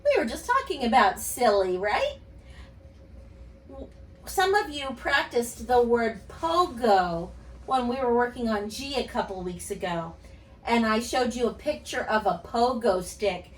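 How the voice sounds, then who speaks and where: A woman speech teacher reading and talking gently to young children in an online lesson. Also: fairly high pitch, expressive. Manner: gentle, slow, sing-song storytelling to kids. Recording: echoey room, voice a bit far from mic.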